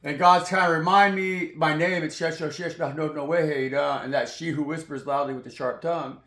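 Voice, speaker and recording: A man's voice: a little high, steady tone, fairly quick, fairly bright tone. A man giving a rambling, profane spiritual monologue as a tarot reader, preachy in tone. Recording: roomy echoey sound.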